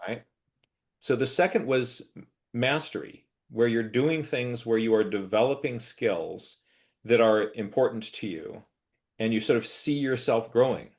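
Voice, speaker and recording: A man's voice: mid-range voice, measured pace. A man hosting a casual interview, thinking aloud and restarting phrases as he sums up ideas. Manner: reflective, many restarts and hedging fillers. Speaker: host, interviewer.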